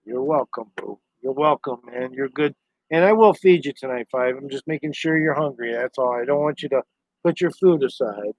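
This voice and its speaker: A man's voice: medium pitch, normal speed, dry recording. A man chatting casually on a live stream, rambling to his viewers and his dog. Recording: dry, dull lo-fi sound.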